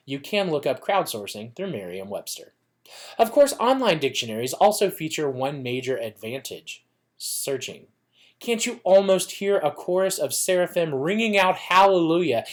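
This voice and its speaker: A man, a teacher, narrating a scripted lesson with playful joking asides. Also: on the high side.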